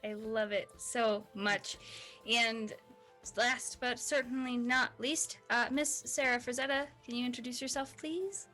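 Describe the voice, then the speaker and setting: A woman's voice: on the high side, steady tone, measured pace, sharp tone, faint music behind, rough recording. A woman narrating and running a tabletop game as dungeon master.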